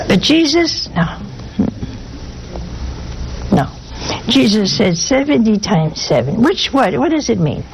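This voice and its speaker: Gravelly-voiced woman giving a folksy sermon. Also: medium pitch, big pitch swings, measured pace, background noise. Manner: folksy, humorous, conversational preaching. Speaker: preacher.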